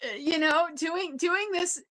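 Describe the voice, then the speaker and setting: A woman's voice: very high-pitched, a little slow, sharp tone, a little hiss or hum, low-quality recording. Chatty American woman recapping a trial. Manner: chatty, laughs often, many fillers. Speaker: legal commentator. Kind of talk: casual trial recap commentary.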